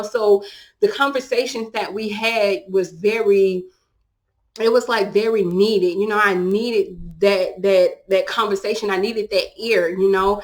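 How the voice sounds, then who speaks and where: Emotional woman giving a halting personal testimony. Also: mid-range voice. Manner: emotional, halting, many restarts and fillers. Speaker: speaker sharing personal testimony.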